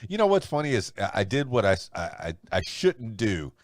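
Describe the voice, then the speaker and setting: A man's voice: lowish voice, sing-song, brisk, no room sound. A man hosting a solo podcast, rambling and chuckling as he chats and then runs through the day's news. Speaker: podcast host.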